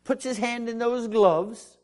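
High-voiced man preaching. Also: slow pace. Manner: preaching with swings between loud proclamation and quiet speech; acts out dialogue in the story. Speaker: pastor. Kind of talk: sermon.

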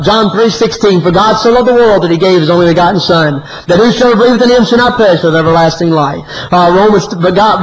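A man preaching a sermon, swinging from loud high climbs to low quiet drops. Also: low-quality recording. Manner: animated preaching, often rising high and loud, then dropping low.

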